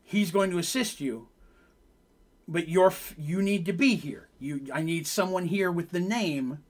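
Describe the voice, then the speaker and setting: A man's voice: sits high, measured pace. A man voicing a stern male minotaur clan leader, who gives clipped orders. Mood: commanding.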